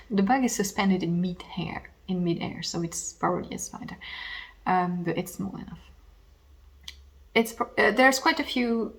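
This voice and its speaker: A woman hosting a knitting podcast in casual, rambling chat at home, slightly losing her voice, with self-deprecating asides. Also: mid-range voice.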